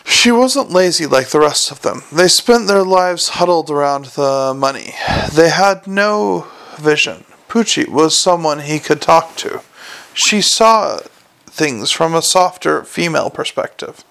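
A male audiobook narrator telling the story with dry, wry delivery. His voice is gravelly with vocal fry and pitched a bit above the usual male range. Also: lively intonation, unhurried, fairly bright tone. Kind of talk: scripted narration.

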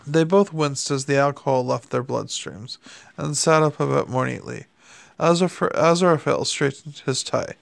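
Gravelly male audiobook narrator. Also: medium pitch, moderate pace, dry recording.

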